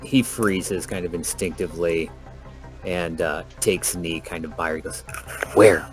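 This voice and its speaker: A player in a tabletop game narrating his character's moves. His voice is very low and his delivery casual and measured. Faint music plays in the background. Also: steady tone.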